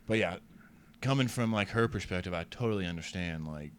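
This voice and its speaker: A man co-hosting a casual movie podcast, calmly walking through the plot in detail. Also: low voice, brisk, slight background noise. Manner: calm, recaps plot in detail. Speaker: podcast co-host.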